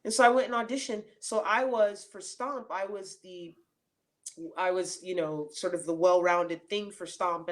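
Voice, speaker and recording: A middle-aged woman speaks as an interview guest over a remote mic. Her voice sits a little low for a woman. She tells her stories in a loose, animated way, laughing and circling back with fillers and restarts. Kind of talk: casual storytelling in an interview.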